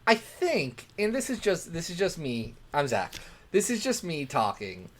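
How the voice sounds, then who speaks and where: A man's voice: fairly high pitch, unhurried, a little hiss or hum. A man co-hosting a comics podcast, telling jokey stories in casual chat. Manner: animated, joking, storytelling. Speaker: podcast co-host.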